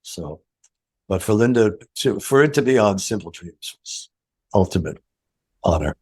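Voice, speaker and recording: A man's voice: lowish voice, expressive, measured pace, darkish tone, slightly rough. An older man, a guitarist guest, telling anecdotes in an interview, acting out quoted dialogue and laughing often. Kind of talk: storytelling interview.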